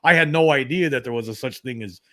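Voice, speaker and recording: A man's voice: medium pitch, fast, bright, forceful tone. A man in his fifties, a guest, recounting a personal experience with many restarts and repeats.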